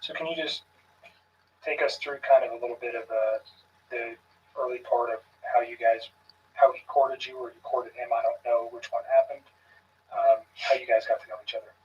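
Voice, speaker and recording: A man questioning someone in a recorded police interview, calm and measured with frequent pauses. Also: medium pitch, a little hiss or hum. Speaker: police investigator. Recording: muffled, distant room recording.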